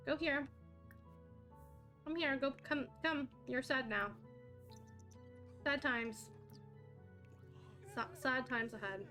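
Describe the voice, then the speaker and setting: A woman streaming a life-simulation game live, chatting with her viewers and reacting excitedly to the game. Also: high-pitched, slow, pauses often, soft background music. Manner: chatty, excitable, talks to chat while playing.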